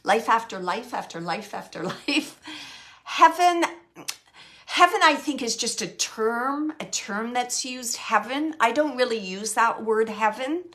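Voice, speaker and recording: A woman's voice: fairly high pitch, unhurried, hardly any pauses, a bit bright. A middle-aged woman hosting a casual live chat as a medium, rambling and correcting herself as she reassures viewers.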